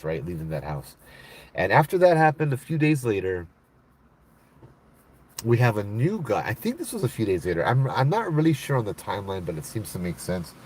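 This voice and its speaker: Deep voiced guy telling a spooky story from his job, chatty, lots of "you know", faint hum behind. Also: darkish tone. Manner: conversational, frequent "you know" and "right?". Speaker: storyteller, former mental health worker. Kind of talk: casual spoken ghost story.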